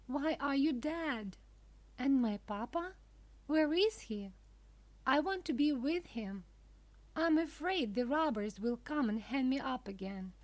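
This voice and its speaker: A woman's voice: sits high, big pitch swings, slow pace, full character voice. A woman voicing an eager wooden puppet boy. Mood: pleading.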